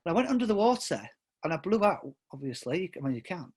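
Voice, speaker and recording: High-voiced man telling rambling stories. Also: big pitch swings, quick pace, a little mellow, husky. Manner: rambling, self-interrupting with many restarts and fillers; jokey and laughs often. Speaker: podcast guest. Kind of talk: casual storytelling interview.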